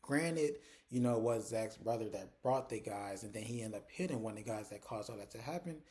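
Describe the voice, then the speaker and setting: Chatty young man with a mellow voice. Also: lowish voice, fairly quick. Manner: chatty, animated storytelling. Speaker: TV episode reviewer. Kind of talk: casual recap with acted quotes.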